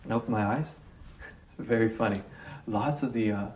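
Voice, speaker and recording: A man in an interview telling a personal story in an animated way, acting out scenes and pausing with fillers. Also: lowish voice, echoey room, a little hiss or hum.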